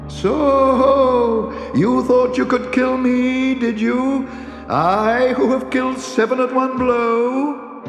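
A man's voice: very high voice, level tone, takes it slowly, roomy sound, big-room sound, faint music behind, voice pushed up, exaggerated voice. A man voicing a bold, boastful little tailor in a storybook reading. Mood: triumphant. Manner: cocky, shouting.

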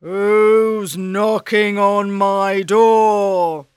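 A woman voicing a big, ugly male ogre in a storybook, slow and threatening. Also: steady tone, a little mellow, clean tone, dry recording, clean studio sound. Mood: menacing. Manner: slow, booming, menacing. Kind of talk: storybook reading.

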